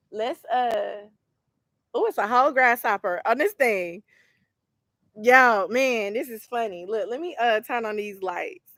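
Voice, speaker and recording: Laughing woman tarot reader, very animated. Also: mid-range voice, no room sound, clean studio sound. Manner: laughing hard, wheezing. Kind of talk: casual livestream chat.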